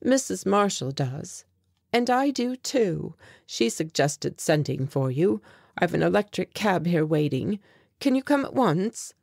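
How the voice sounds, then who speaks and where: A woman's voice: lowish voice, big pitch swings, measured pace, creaky, a little mellow, no room sound, studio quality, voice pushed up, exaggerated voice. A woman voicing a distraught young man, urgent and shaken, in an audiobook.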